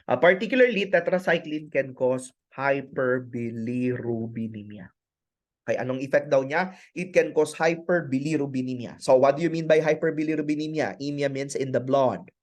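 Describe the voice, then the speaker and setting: A man with a Filipino accent and a mid-range voice teaches an online nursing pharmacology night class at a slightly fast clip. He switches between English and Filipino, repeating key terms while quizzing his students.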